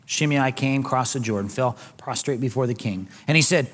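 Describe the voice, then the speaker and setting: A pastor preaching a sermon, retelling scripture conversationally with casual slang. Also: male voice, medium pitch, normal speed, hardly any pauses. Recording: long hall reverb.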